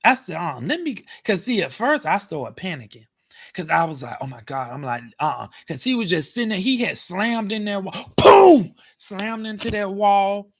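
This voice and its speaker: A man telling a story in a casual vlog, animated and dramatic, acting out the scene. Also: high voice, moderate pace. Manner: animated, dramatic, acts out scenes with cries and shouts. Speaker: vlogger. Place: parked car.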